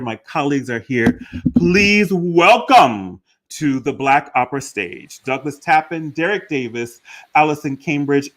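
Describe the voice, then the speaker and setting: A man hosting a live online talk show, introducing guests with effusive, theatrical warmth. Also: medium pitch. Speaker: host.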